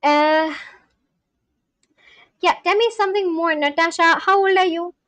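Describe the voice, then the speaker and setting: A woman's voice: very high voice, a little slow, fairly bright tone, no echo. A young woman livestreamer chatting casually with viewers, talking back to chat with loose, filler-heavy speech. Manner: talks back to chat, scolding and reassuring.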